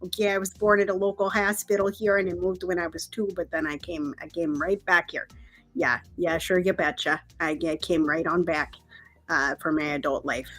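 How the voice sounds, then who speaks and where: A woman's voice: on the low side, steady tone, a little fast, a bit bright, faint music behind. A woman from Minnesota with a Minnesotan accent, co-hosting a casual live-stream chat with playful, folksy asides. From Minnesota, USA. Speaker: co-host, musician.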